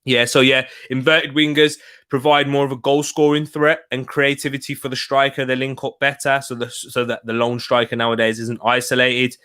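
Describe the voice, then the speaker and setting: A man's voice: mid-range voice, level tone, moderate pace, sharp tone, clean tone. Chatty man hosting a football watch-along. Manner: chatty, laughs often, reads out viewer comments.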